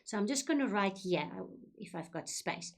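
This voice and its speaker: A woman teaching a school maths lesson, patiently repeating key points and walking through each step slowly. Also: medium pitch, animated. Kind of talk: recorded classroom lesson.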